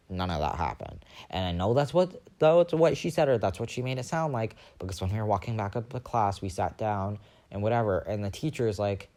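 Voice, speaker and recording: A man's voice: medium pitch, fairly quick. Young guy yapping on his podcast, rambly storytime, mid voice, does little voices for everyone. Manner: animated, rambling, acts out quoted voices. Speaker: podcast host. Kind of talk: casual storytelling monologue.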